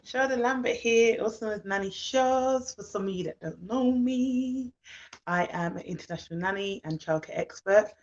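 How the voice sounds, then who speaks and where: A sleepy-sounding nanny and childcare expert hosts a casual live stream, her medium-pitched voice moving at a moderate pace. She chats easily, laughs often and greets viewers by name. The audio is dull and lo-fi, captured on a phone or laptop.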